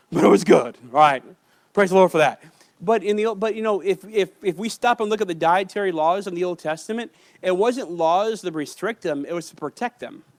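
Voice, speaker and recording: A man preaching a sermon in a church with an Ohio accent, loud and emphatic with joking asides. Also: high voice, no room sound. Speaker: pastor. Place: church sanctuary.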